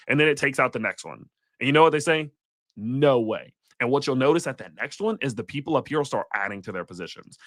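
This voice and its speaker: Male livestream host, blunt and profane, swooping pitch, dry close mic. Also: lively intonation, quick pace, fairly bright tone, no room sound. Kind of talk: live market commentary.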